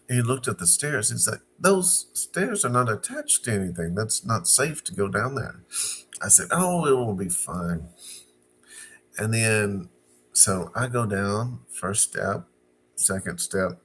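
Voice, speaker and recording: A middle-aged man from Arkansas telling a personal story in a casual storytime monologue, unhurried and halting with fillers and restarts. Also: fairly low pitch, fairly bright tone, a little hiss or hum.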